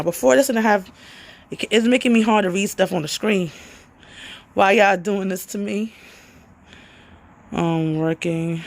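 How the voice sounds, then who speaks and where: A woman's voice: mid-range voice, low-quality recording. A young adult woman vlogging casually at home. She chats loosely, reads viewers' comments aloud and scolds her daughter between thoughts. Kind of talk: casual chat.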